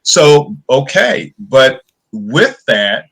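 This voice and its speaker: Husky, bright-toned halting man. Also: mid-range voice, sing-song, low-quality recording. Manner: halting, repeats words, earnest. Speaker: church elder on a committee. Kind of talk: recorded formal hearing.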